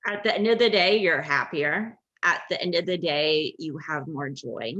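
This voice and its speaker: Low-voiced woman host, dull lo-fi sound. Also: moderate pace, a bit bright. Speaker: podcast host. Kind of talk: casual chat.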